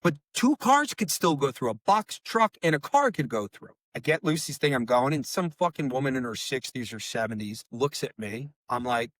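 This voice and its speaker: A man's voice: mid-range voice, big pitch swings, normal speed, few pauses, a bit bright, no room sound. Heated, cursing middle-aged man. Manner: profane, rambling, heated. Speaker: bereaved father and podcast guest. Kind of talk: emotional interview storytelling.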